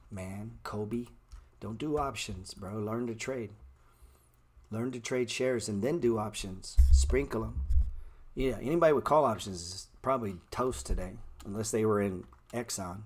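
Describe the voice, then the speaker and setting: A low-voiced man runs a live stock-trading stream and talks straight to his chat. His talk is blunt and slangy, full of bro and man, and he repeats words playfully to make a point. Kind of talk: live market commentary answering chat.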